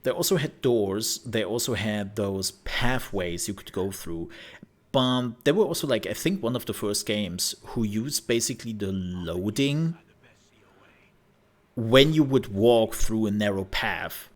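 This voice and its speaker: Male gaming host, lowish voice, lively storyteller. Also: measured pace. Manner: animated storyteller who laughs and acts out scenes. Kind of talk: casual commentary over gameplay.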